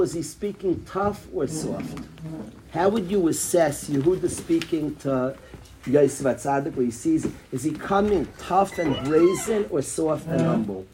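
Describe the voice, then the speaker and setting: A man teaching a Torah class, mixing Hebrew phrases into his English and swinging between soft and loud as he tells the story. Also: fairly high pitch, noisy background.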